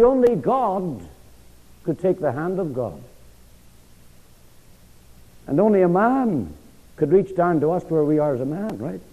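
A man preaching a sermon with emphatic delivery, rhetorical questions and sweeping swings in pitch, recorded in a church hall. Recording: dull lo-fi sound with long hall reverb.

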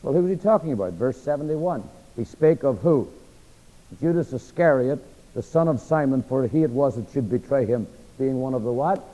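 A man's voice: mid-range voice, animated, normal speed, dark tone. A man preaching a sermon in a conversational Bible-teaching style, asking his listeners rhetorical fill-in questions. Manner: conversational, acts out quoted speech. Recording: echoey hall, dull lo-fi sound.

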